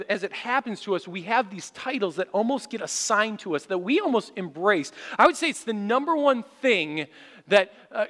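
A male pastor preaching a sermon in a church, telling stories with animation and rising to shouts for emphasis. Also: high-pitched. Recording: long hall reverb.

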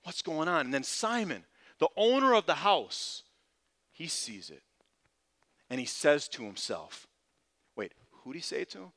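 A man preaching a sermon, retelling a scripture scene with animated storytelling, swinging between loud climaxes and quiet murmurs, often checking in with "all right?". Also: fairly high pitch, unhurried, long pauses. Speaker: pastor.

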